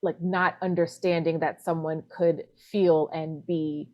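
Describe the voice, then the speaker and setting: Thoughtful American woman reporter, low voice. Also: little pitch movement, measured pace, dark tone, lo-fi sound. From United States. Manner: thoughtful, reflective, many "you know" fillers. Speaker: newspaper reporter. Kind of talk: remote interview.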